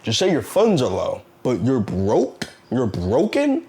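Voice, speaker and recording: A man's voice: mid-range voice, huge pitch swings, measured pace, darkish tone. A man giving a casual motivational talk, earnest and preachy, repeating himself and asking rhetorical questions. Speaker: self-help vlogger.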